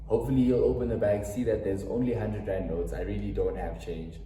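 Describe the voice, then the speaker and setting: Young South African man, dramatic storyteller, mellow tone, echoey room. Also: fairly low pitch, fairly even intonation, brisk, recorded from a distance, slight background noise. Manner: dramatic, quotes voices, slangy asides to viewers. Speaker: storytime vlogger. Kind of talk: animated storytime vlog. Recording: roomy echo, off-mic, faint music.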